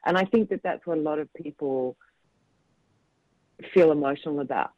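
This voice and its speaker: A man, a film director, talks reflectively in a radio interview, pausing and restarting his sentences. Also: on the high side, dry recording. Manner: reflective, halting, many restarts. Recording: slightly muffled dry radio audio.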